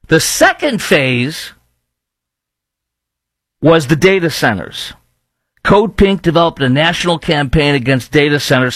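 A man's voice: mid-range voice, no echo. A man hosting a political talk radio show, speaking emphatically, repeating himself and firing rhetorical questions.

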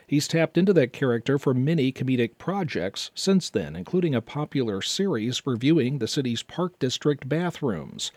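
Steady male news anchor, dry studio. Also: mid-range voice, normal speed, hardly any pauses, breathy edge, no room sound. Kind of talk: scripted news introduction.

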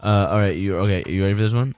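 A man's voice: on the low side, very fast, darkish tone, no echo. A man in a casual chat with friends, eagerly offering to do impressions.

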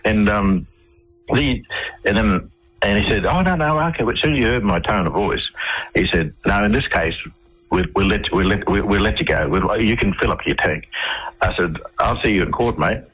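A man's voice: on the low side, normal speed, a bit bright, slightly rough, rough recording. An Australian man talking as a radio interview guest, telling his stories in a rambling way with many fillers and restarts. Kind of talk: conversational storytelling.

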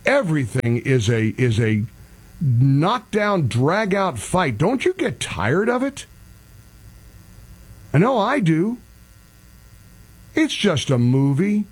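A male talk show host with a husky voice rants in an exasperated, self-mocking way. His voice sits high and swings widely in pitch. A faint mains hum lies under the recording. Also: very animated, takes it slowly, pauses often. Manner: exasperated, ranting, self-deprecating. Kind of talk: casual opinionated radio monologue.

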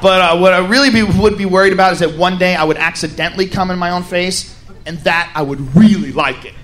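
A young man doing a stand-up comedy set on a stage, telling crude, profane stories in an animated way. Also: high-pitched, fast. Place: comedy stage before an audience. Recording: live stage with crowd laughter.

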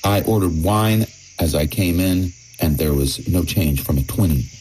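A man's voice: low-pitched, moderate pace, a little mellow, slight background noise, poor audio. A man narrating a personal anecdote in the first person, in a wry, emphatic manner. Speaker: storyteller.

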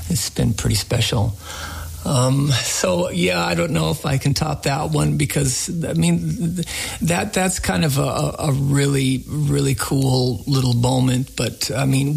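A man, the host of a radio show, telling a story in a casual interview, animated and full of fillers. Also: mid-range voice, vocal fry, husky.

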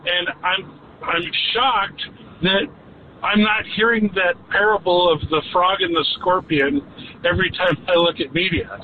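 A man's voice: high-pitched, fairly even intonation, a little slow. A man calling in to a radio show, hesitant and searching for his words. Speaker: caller. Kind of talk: phone-in call to a radio show. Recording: phone line with faint noise.

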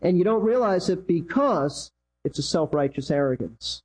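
Emphatic preacher with a husky mellow voice. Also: male voice, animated, normal speed, poor audio. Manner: emphatic preaching, repeats key lines, pitch swings. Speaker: pastor. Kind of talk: sermon.

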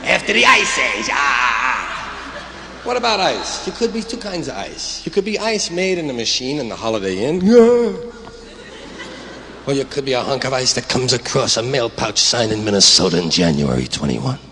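A man's voice: medium pitch, very animated, normal speed, a bit bright, a little hiss or hum. A man doing rambling, absurd stand-up comedy with swooping delivery. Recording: reverberant hall.

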